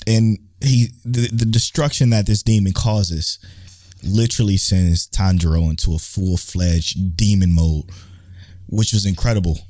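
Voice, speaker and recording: Excitable profane man with a dark voice. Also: low voice, measured pace, no room sound. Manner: excited, profane, acts out characters' lines. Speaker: podcast co-host. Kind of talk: casual anime discussion.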